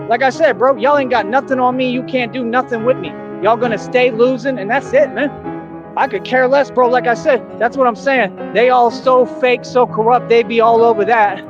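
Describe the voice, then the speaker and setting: A man ranting on his livestream in a defiant, profane, taunting way, playing as a clip. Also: high voice. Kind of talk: confrontational livestream rant. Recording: muffled clip with loud music.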